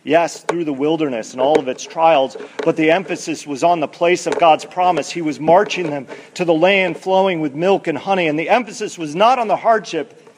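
A pastor preaching a sermon in an emphatic, measured way, halting with fillers when he steps aside from his main point. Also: a little high, slight background noise.

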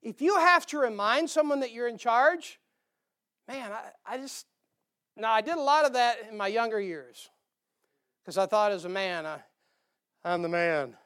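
A male pastor preaching a sermon, animated, acting out quoted voices and dropping into quiet asides. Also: extremely high pitch, moderate pace, pauses often, smooth.

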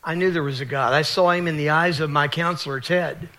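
A man from West Virginia with a slightly high, bright and forceful voice, recounting his faith testimony. He speaks in an earnest, confessional way. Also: steady tone, fairly quick.

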